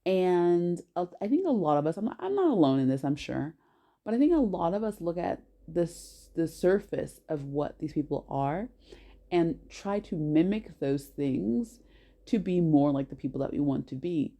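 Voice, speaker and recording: A woman telling a personal story to camera in an animated, emphatic way, often correcting herself mid-sentence. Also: fairly low pitch, moderate pace.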